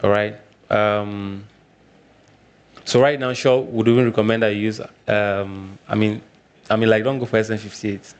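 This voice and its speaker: Nigerian male presenter, lowish voice, repeats himself, casual live workshop delivery. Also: level tone, unhurried, smooth. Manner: repeats points, frequent "all right" check-ins.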